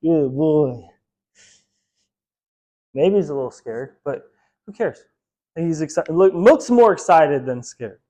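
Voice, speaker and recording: Male dog trainer, slightly high voice, loose chatty teaching with frequent laughs. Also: big pitch swings, moderate pace, dark tone. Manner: casual, chatty, laughs often, many "like" fillers. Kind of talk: hands-on training lesson.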